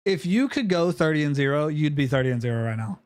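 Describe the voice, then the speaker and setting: A man streaming live and ranting with profanity, swinging between yelling and low grumbling, with frequent repeats and restarts. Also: animated, fast talker. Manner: repeats phrases and stumbles over restarts.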